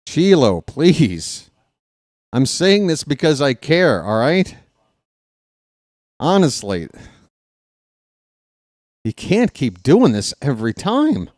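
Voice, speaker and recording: Man, live baseball play-by-play, emotional swings, unhurried delivery, fairly high voice, dry close sound. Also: no room sound. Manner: emotional, swings from excited calls to exasperated pleading; talks directly to a chat audience. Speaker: amateur play-by-play broadcaster.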